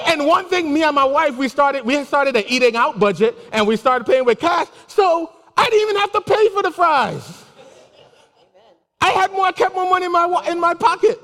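A man giving a casual, animated sermon with personal stories, laughing and exclaiming often. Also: very high voice, moderate pace. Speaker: preacher. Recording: long hall reverb.

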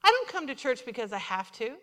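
A woman's voice: a little high, fairly quick, big-room sound. A woman preaching a sermon in a church, telling personal stories and acting out what people said to her. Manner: animated storytelling, quoting herself and others. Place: church sanctuary.

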